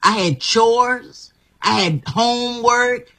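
A woman's voice: on the high side, slow, a bit bright. A woman guest giving an emphatic, encouraging personal testimony, often repeating her phrases. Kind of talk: motivational testimony.

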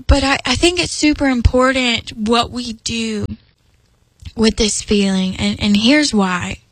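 A woman's voice: a little high, measured pace, no echo, rough recording. A young woman speaking earnestly about faith in a personal devotional talk, emphatic and rambling with restarts. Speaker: Christian speaker.

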